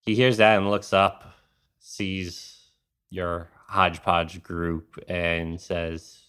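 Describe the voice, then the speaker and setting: Deep, smooth-voiced game master. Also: male voice. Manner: calm, unhurried narration. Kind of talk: narrating a tabletop game.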